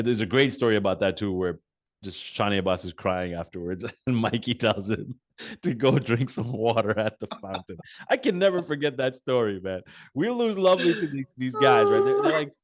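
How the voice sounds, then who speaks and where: A man hosting a casual sit-down interview, telling animated stories full of fillers and restarts. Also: medium pitch, moderate pace. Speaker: podcast host.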